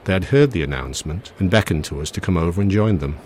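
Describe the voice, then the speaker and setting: A man reading a first-person short story aloud with a lively storytelling delivery. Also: low voice, fast talker, a little hiss or hum. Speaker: audiobook reader.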